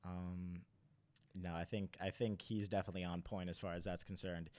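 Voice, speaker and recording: A man talking as a guest on a podcast, laying out his opinions in a measured way. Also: deep voice, little pitch movement, a little mellow. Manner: measured, gives opinions in full sentences. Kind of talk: casual podcast chat.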